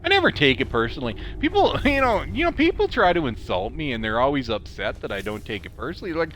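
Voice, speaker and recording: Man, high and bright, Canadian accent with a southern drawl, rambling gaming streamer, laughs a lot, snarky. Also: big pitch swings, quick pace, few pauses, a little hiss or hum. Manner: chatty, laughs often, snarky asides. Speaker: let's play streamer. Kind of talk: rambling story while gaming.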